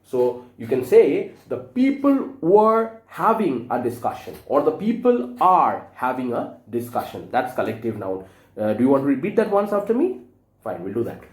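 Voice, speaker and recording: A man's voice: medium pitch, very animated, moderate pace, echoey room. A male teacher giving an online grammar lesson to young children, patiently spelling out words letter by letter and asking them to repeat after him.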